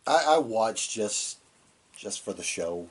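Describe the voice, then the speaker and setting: Still recovering from a cold and coughing, this man rambles loosely through a wrestling show recap on the podcast he co-hosts. He talks slowly in an expressive, lowish voice.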